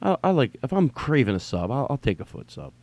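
A man talks alone into a podcast mic at home, rambling loosely and cursing freely. His voice sits at an ordinary middle pitch. The sound is close and dry, with no room echo at all. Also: sing-song, fairly quick, darkish tone. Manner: rambling, profane, restarts sentences often. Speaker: podcast host. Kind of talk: rambling solo podcast chat. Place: at home during quarantine.

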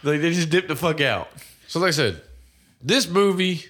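A man riffing through a movie review with a friend, his voice bright and forward. He swears freely and animates every point. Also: on the high side, normal speed. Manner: animated, swears constantly, acts out quoted characters. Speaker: podcast co-host reviewing a movie. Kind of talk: casual profane chat.

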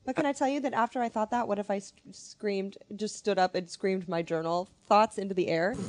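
A woman in casual chat, telling lively stories while sounding tired. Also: medium pitch, fairly quick, no room sound. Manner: animated storyteller, tired and grumpy.

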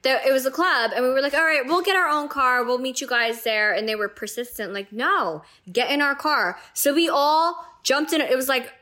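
A woman's voice: high-pitched, a little fast, few pauses, sharp tone. A woman co-hosting a podcast, chatting and gossiping casually with some swearing. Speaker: podcast co-host. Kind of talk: casual chat. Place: backstage room.

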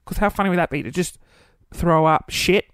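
A young man hosting a podcast in casual solo chat, camp and flamboyant, running off into quick asides. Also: sits high, clear, resonant tone, no room sound, studio quality. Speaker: podcast host.

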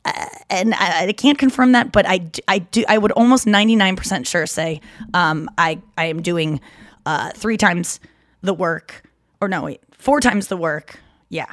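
A woman's voice: medium pitch, normal speed, no echo, studio quality. A woman hosting her own podcast, talking in a rambling, self-correcting, confessional way. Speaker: podcast host. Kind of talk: casual chat.

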